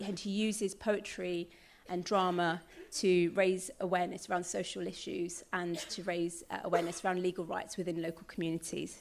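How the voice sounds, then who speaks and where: A woman moderating a panel at a live event, introducing speakers in a friendly, brisk way. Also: on the low side, vocal fry. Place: event hall with audience.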